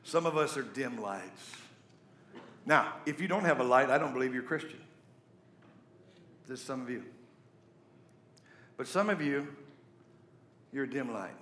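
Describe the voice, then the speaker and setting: A man's voice: mid-range voice, a little slow, long pauses, reverberant, slight background noise. A middle-aged man preaching a sermon, telling stories with jokey asides. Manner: storytelling, animated, jokey asides. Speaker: pastor.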